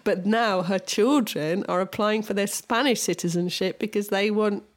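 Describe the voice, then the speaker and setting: A woman's voice: medium pitch, normal speed. A middle-aged woman co-hosting a podcast, telling stories in casual chat, laughing often and restarting her sentences. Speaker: podcast co-host.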